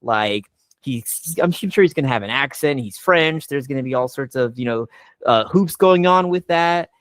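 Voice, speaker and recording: A man's voice: medium pitch, normal speed, no echo. A young adult man, a voice actor on a panel, telling stories casually with lots of "like" and restarts. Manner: animated, filler-heavy retelling. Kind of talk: casual storytelling.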